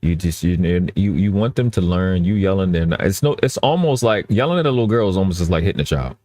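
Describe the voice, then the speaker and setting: A man's voice: low voice, lively intonation, quick pace, a little mellow, dry recording. A man talking earnestly in casual live-stream chat, often restarting and repeating his phrases.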